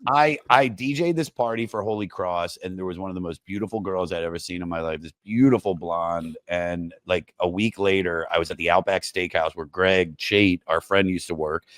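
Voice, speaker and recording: A man's voice: low-pitched, no echo. A man with a Maryland accent hosting a podcast, telling stories in a rambling, profane, joking way. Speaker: podcast host. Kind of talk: casual chat.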